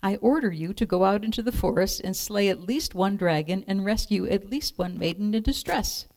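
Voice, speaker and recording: A woman's voice: mid-range voice, moderate pace, a little mellow, close to an everyday voice. Woman reading stern old male lord, commanding, grim, storybook.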